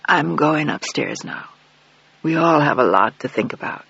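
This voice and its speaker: A man reading a remorseful old father, husky. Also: on the high side, expressive, fairly bright tone, exaggerated voice. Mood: sorrowful. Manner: mournful, halting, apologetic. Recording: dull lo-fi dry recording.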